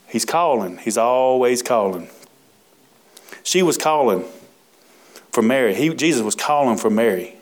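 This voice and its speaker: Preacher guy going through scripture, stretches words out, chats with the congregation, regular pitch. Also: animated. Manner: folksy, emphatic, drawn-out words with asides to the congregation. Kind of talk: sermon reading and expounding scripture.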